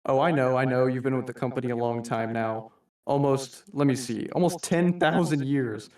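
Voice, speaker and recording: A man's voice: medium pitch, normal speed, a little mellow, close to an everyday voice. A man voicing a theatrical masked anarchist who reads a formal, mock-polite monologue addressing humanity as his staff, recorded in a roomy room from a distant mic.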